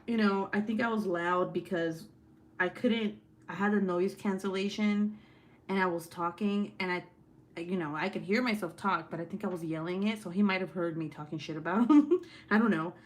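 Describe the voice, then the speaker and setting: A woman's voice: fairly low pitch, moderate pace. A woman hosts her livestream in a loose, chatty way. She swears freely and breaks into laughter as she tells her stories. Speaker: livestream host. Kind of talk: casual chat and storytelling.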